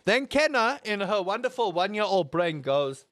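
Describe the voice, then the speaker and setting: High-voiced gamer, animated. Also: male voice, moderate pace, no echo, studio quality. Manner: animated storyteller, exaggerated outbursts, rambling asides. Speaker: gaming YouTuber. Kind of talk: casual chat while playing a game.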